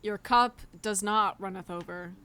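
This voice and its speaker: A woman's voice: medium pitch, measured pace, pushed and bright, slight background noise. Dry-witted woman podcast co-host. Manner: dry, wry quips. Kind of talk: casual comedic chat.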